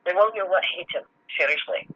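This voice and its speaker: A woman talks bluntly and with feeling, cracking jokes as she goes. Her voice is very bright and sharp. It comes through a muffled, phone-like line. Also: on the low side, animated, brisk, slight background noise. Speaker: interview guest, film crew member. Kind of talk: casual interview chat. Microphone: video call.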